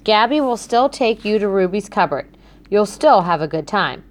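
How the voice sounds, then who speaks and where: Caring, gently firm young mother, as a woman reading aloud voices her. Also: mid-range voice, lively intonation, normal speed, natural voice. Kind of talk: audiobook character voice.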